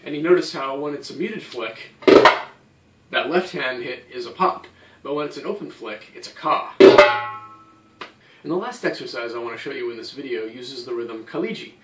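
Over loud music and drum playing, a man with a mid-range voice teaches a hand-drum technique, expressive and fairly quick. He patiently explains each step and counts the beats aloud. The room is echoey, and he sounds somewhat far from the mic.

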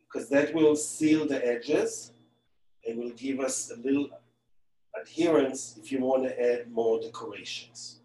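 A man's voice: mid-range voice, steady tone, a little slow, dark tone, slight background noise. A man, a celebrity pastry chef, giving a live baking demonstration from his home kitchen, talking casually with joking asides as he works. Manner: chatty, joking asides while working. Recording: echoey kitchen, distant mic.

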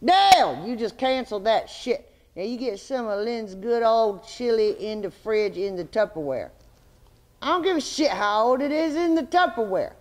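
A woman's voice: a little high, big pitch swings, normal speed. Picture a swaggering, crude barfly who leers at the ladies and barks orders at the bartender, played by a woman on stage. The drawl swoops up and down a lot, lazy and bossy at once. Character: brash flirty barroom man, crude and swaggering. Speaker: stage actor. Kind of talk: live stage comedy acting.

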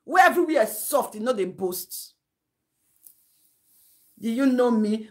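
A woman's voice: sits high, moderate pace, a bit bright. A Nigerian woman hosting a live-stream gossip commentary, lecturing and scolding in a chatty way, laughing between her points.

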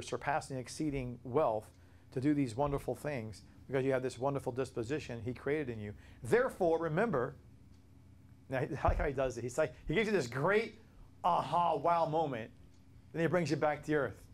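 An expressive man from Florida leads a casual Bible study. He talks in a relaxed, conversational way, jumps up in pitch for emphasis and tosses out rhetorical questions. He often stumbles over and repeats words as he thinks aloud. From Florida, USA. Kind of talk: informal Bible study teaching.

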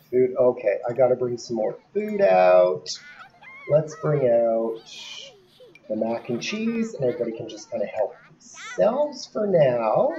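A woman with a low, mellow voice that swings widely in pitch as she gives casual gameplay commentary. She chats away and laughs often, talking straight to the characters on screen. The sound is a bit dull and lo-fi. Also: vocal fry, slight background noise.

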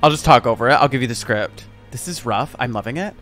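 A man's voice: medium pitch, quick pace, a bit bright, dry recording, soft background music. A young man chatting sarcastically while playing a game on a live stream, exclaiming often.

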